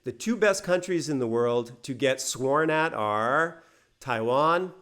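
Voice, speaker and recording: A man's voice: medium pitch, lively intonation, slow, fairly bright tone. A middle-aged man casually telling a personal story to English learners, chatty and laughing between phrases.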